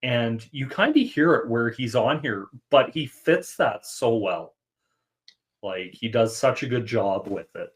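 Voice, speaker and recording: A man's voice: medium pitch, lively intonation, unhurried. A man hosting a music podcast, chatting casually and thinking aloud with fillers. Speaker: podcast host. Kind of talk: casual chat.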